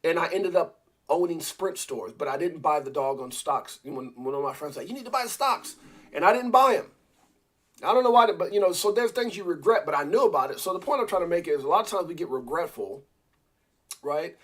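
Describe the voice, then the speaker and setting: A man's voice: fairly high pitch, animated, brisk, a bit bright. A man hosting a casual live stream, talking in a rambling way with many restarts and repeated words, and speaking directly to viewers and a co-host. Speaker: crypto livestream host.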